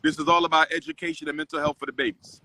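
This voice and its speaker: A man preaching emphatically, bright and forceful. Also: a little high, little pitch movement, racing, a little hiss or hum. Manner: preacherly, emphatic, repeats phrases. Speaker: host. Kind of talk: casual street interviews and commentary.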